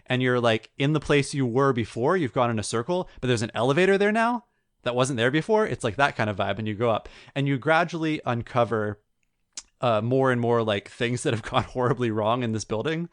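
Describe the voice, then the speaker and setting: A man co-hosting a gaming podcast, recounting a video game story in a rambling, animated way. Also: mid-range voice, a little fast, dry recording, studio quality. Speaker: podcast co-host. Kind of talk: casual chat.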